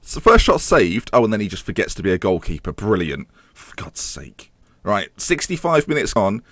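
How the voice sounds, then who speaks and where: A man with a sarcastic, animated manner, commentating on his own football management game as a gaming YouTuber. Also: on the low side, fast talker, no echo. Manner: animated, sarcastic, swings between mock-commentary and exasperation.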